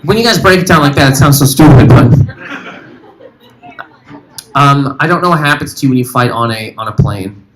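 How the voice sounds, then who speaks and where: A man doing stand-up comedy on stage, rambling and animated as he chats with the audience. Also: mid-range voice, moderate pace, long pauses, a little hiss or hum, low-quality recording. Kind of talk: stand-up comedy with crowd work. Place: live comedy venue.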